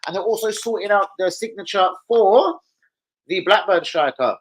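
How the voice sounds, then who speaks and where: Excitable man live-streaming football talk. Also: sits high, normal speed. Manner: excitable, swears, calls out chat names. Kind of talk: casual live-stream chat.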